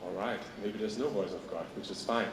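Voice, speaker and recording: A man's voice: fairly low pitch, a little fast. A man with a German accent giving a conversational keynote at an industry event, often checking in with "okay?". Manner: conversational, tags points with "okay?". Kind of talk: conference keynote speech. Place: large conference hall on stage. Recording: echoey hall, distant mic, faint noise.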